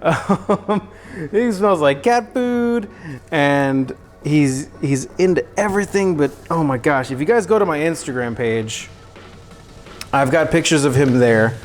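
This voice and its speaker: With a fairly high pitch, lively intonation and a slightly slow pace, this streamer cooks live in his home kitchen as faint music plays. He's chatty and jokey, full of self-mocking humor.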